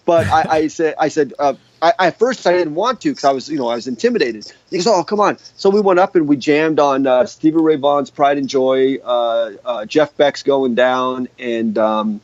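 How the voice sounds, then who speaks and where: A man in a casual interview spins a long, rambling story full of restarts and fillers. His voice sits at an ordinary pitch. The sound is dull and dry, with no room around it. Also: normal speed, few pauses, dry recording. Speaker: guest guitarist.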